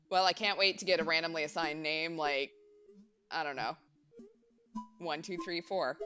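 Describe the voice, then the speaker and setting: A young woman streamer chats casually and nervously while playing a game, babbling with plenty of fillers in a let's-play style. Her voice is deep and steady at a normal speed, with long pauses and a sharp tone. Game music plays in the background.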